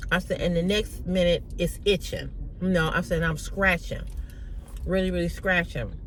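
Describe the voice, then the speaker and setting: A woman's voice: on the low side, moderate pace, low-quality recording. A woman vlogger casually retelling a conversation, with lots of "I said, she said". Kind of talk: casual storytelling to camera. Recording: loud outdoor traffic noise.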